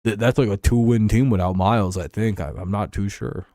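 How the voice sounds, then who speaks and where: A man's voice: fairly low pitch, steady tone, brisk, warm tone, no room sound, clean studio sound. A man chatting casually on a livestream about sports, rambling, swearing and chuckling as he answers his chat. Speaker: streamer.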